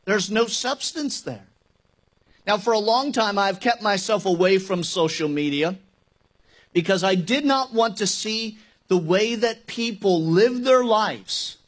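A pastor with a notably high voice delivers a sermon in a church sanctuary. He talks conversationally but grows emphatic, throwing rhetorical questions to the congregation and slipping in wry jokes. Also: measured pace.

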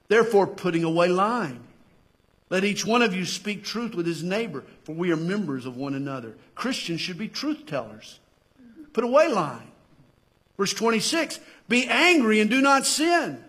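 A fervent Southern US pastor delivering a sermon, his voice pitched high for a man. There's a husky grain to it as he presses his points and rises toward near-shouts. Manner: impassioned preaching that swells to near-shouts.

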